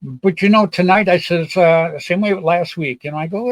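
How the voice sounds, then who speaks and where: A man's voice: high-pitched, normal speed, dry recording, poor audio. An older man hosting a casual live-stream chat, rambling and folksy, often repeating himself. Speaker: show host.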